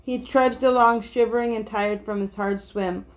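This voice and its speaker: A woman reads a children's picture book aloud, gentle and steady, with small slips and restarts along the way. Her voice is fairly high, and her pace is moderate.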